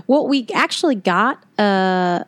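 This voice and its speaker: Easygoing woman co-host, steady storyteller, dry close recording. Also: mid-range voice, slow, no room sound. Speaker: podcast co-host. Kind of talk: casual chat, reading a listener email.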